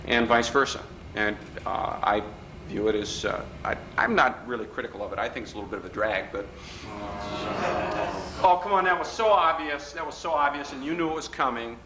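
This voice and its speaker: A middle-aged man giving a live workshop lecture in a hotel function room, an animated, wisecracking storyteller who mimics the people in his stories. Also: medium pitch, brisk. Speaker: workshop speaker. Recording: roomy hall recording with faint background noise.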